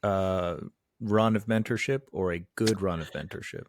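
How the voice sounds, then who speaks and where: Deep-voiced host asking casual questions. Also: male voice, normal speed, slight background noise. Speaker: podcast host. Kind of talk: conversational interview questions.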